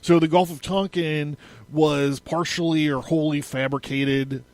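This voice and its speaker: A man's voice: on the high side, fairly even intonation, measured pace, a little mellow. A man hosting a solo podcast, rambling and profane, laughing often and stammering through his notes. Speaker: podcast host. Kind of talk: casual solo podcast commentary.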